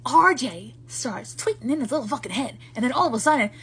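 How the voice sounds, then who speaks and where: A woman in a casual book review, talking in an animated, profane rant. Her voice sits a little high and has a husky, breathy edge. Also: fairly quick.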